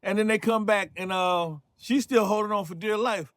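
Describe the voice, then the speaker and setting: A man in his fifties from North Carolina tells a story in a relaxed, chatty way, full of asides to the listener. His voice sits high. The recording is close and dry. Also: normal speed, no room sound. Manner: loose, conversational, with frequent asides. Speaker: show host and storyteller. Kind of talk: casual personal storytelling.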